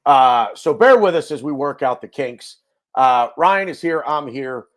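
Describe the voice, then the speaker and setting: Chatty male host of a fan show, animated pitch, jokey, many fillers. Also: unhurried. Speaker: podcast host. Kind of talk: casual fan show chat. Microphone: video call.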